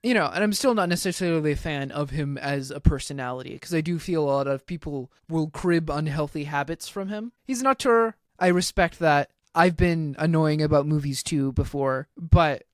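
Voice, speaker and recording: A man with a fairly high voice co-hosts a casual film podcast, animated and opinionated, with plenty of fillers. His voice is recorded dry and close. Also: moderate pace, few pauses, no echo. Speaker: podcast co-host.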